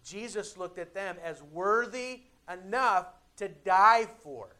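A young adult male pastor preaching a sermon in a conversational way, with dramatic pauses and emphatic builds. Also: high-pitched, pushed and bright.

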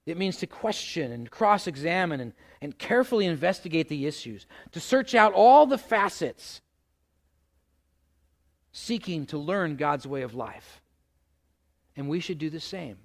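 A middle-aged male pastor preaching a sermon, animated, asking the congregation questions and acting out exasperated outbursts. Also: on the high side, a little slow. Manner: animated, acts out exasperated voices with loud outbursts.

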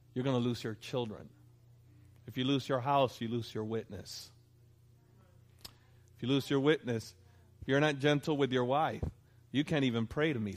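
A middle-aged man preaching a sermon as pastor, animated and asking the congregation for responses. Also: medium pitch.

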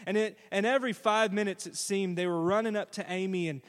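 A male pastor preaches in a conversational, storytelling way, frequently asking the congregation questions. His voice sits high with fairly even intonation and a slightly fast pace, and the recording has a long hall reverb.

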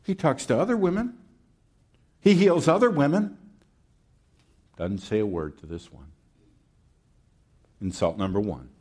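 A man's voice: medium pitch, measured pace, long pauses, a little mellow, breathy edge. A man preaching a sermon in a conversational way, with rhetorical questions and folksy asides.

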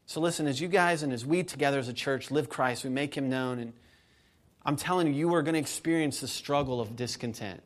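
A man's voice: medium pitch, gravelly. A man in his thirties preaching to his church in a conversational way, building to emphatic peaks. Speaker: pastor. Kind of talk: sermon.

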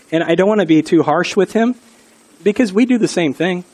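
A middle-aged male pastor giving an earnest, conversational sermon and telling stories along the way. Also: high voice. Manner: earnest, conversational preaching with storytelling.

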